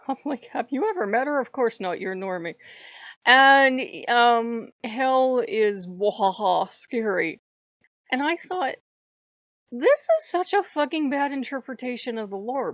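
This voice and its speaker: A woman hosting her own channel, ranting in a heated, profane way with sudden loud outbursts, recorded with dull lo-fi sound. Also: mid-range voice, no echo. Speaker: channel host. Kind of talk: ranting vlog monologue.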